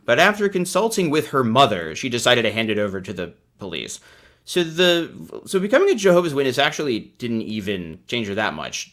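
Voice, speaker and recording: A man's voice: lowish voice, fairly bright tone. A man hosting a casual livestream, reading out anecdotes and riffing on them with sarcastic, self-deprecating asides. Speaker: host of a commentary channel.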